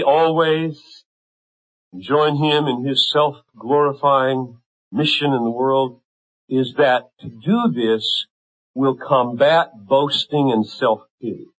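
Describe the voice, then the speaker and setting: A man preaching a sermon with impassioned intensity, swinging from fervent, rising pleas to hushed, quiet emphasis. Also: medium pitch, fairly even intonation, slow pace, dull audio.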